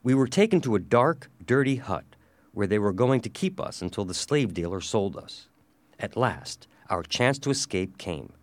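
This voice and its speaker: A man reading a storybook aloud in a measured, expressive way. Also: on the low side, dry recording. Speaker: audiobook reader. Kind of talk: scripted storybook narration.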